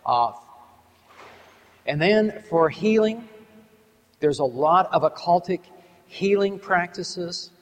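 A middle-aged man preaching to an audience, telling a story in an earnest, measured way and slowing down to stress key words. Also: high voice. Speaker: Christian ministry speaker. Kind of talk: sermon with a storytelling testimony. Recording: long hall reverb.

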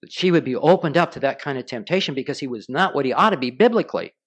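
A man's voice: medium pitch, animated, fast talker, slightly rough. A man preaching a sermon, telling stories and putting questions to his listeners. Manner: storytelling preacher, asks the congregation questions. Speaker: pastor.

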